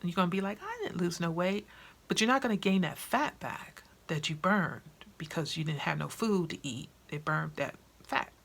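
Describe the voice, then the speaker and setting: A woman chatting to camera in an animated, colloquial way, often acting out conversations. Her voice sits low with a gravelly, husky texture. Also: moderate pace, hardly any pauses. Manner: chatty, animated, acts out quotes; colloquial, with slangy grammar. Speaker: vlogger and author. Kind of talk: casual chat to camera.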